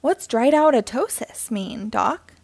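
A woman's voice: fairly high pitch, lively intonation, slow pace, vocal fry, darkish tone, no room sound, exaggerated voice. A woman voicing a nervous, tired male toy fire engine.

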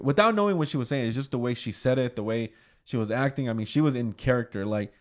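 A man's voice: mid-range voice, quick pace. A young man co-hosts a family podcast in a mid-range voice. He rambles through his points and leans on filler words. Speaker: podcast co-host. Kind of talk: casual podcast chat.

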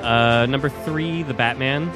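A man's voice: medium pitch, measured pace, music in the background. A man co-hosting a podcast in casual chat, enthusiastic and swearing freely as he runs through his list. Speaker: podcast co-host.

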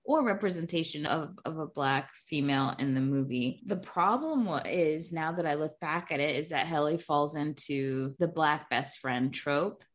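A woman co-hosting a casual chat about a film, with a somewhat low voice. She talks things through thoughtfully and laughs easily along the way. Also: moderate pace, few pauses. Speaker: podcast co-host.

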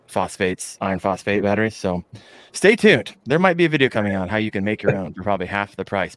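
A man hosting a podcast, chatting casually with his guests and reacting quickly to what they say. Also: sits low, dry recording. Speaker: podcast host. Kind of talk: casual chat.

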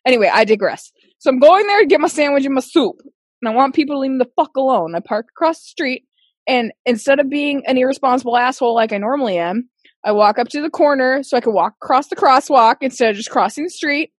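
A woman's voice: high-pitched, fast talker, no echo, clean studio sound. A woman, telling stories in casual podcast chat, cursing freely and acting out what people said. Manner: profane, animated storyteller, acts out quotes.

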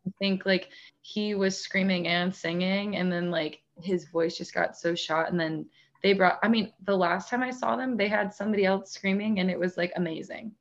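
A woman in casual chat, talking in a relaxed, rambling way with lots of fillers and frequent laughs. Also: mid-range voice, moderate pace, dull audio. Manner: chatty, many "like" fillers, laughs often.

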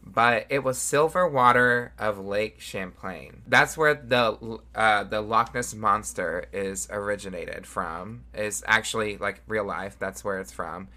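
A man's voice: lowish voice, a little slow, few pauses, pushed and bright. A man co-hosting a podcast in casual chat, recapping bluntly and matter-of-factly. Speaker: podcast co-host.

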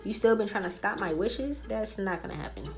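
A woman's voice: mid-range voice, lively intonation, brisk. A woman hosting a spiritual podcast alone, ranting in a brash, profane, trash-talking way. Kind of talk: casual solo podcast rant.

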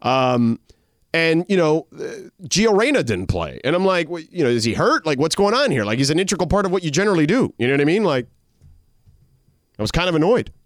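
A man's voice: fairly high pitch, a little fast, dry recording, clean studio sound. A male co-host in casual sports talk who gripes about the game like a fan. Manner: animated, fan-style griping. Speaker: radio show co-host.

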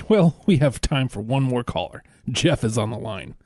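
Radio host guy, bouncy delivery, mellow tone, dry close sound. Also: mid-range voice, sing-song, moderate pace, no echo. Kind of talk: comedic call-in radio hosting.

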